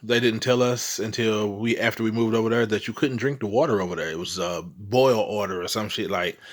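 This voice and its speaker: Speaking briskly in a lowish voice, a middle-aged St. Louis, Missouri man spins ghost stories as a casual monologue. It's rambling and profane, punctuated by frequent "you know what I'm saying" check-ins.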